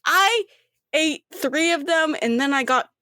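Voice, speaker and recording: A woman's voice: sits high, expressive, a little slow, pushed and bright, no echo, studio quality. A young adult woman narrating a tabletop game as game master, giggly and rambling.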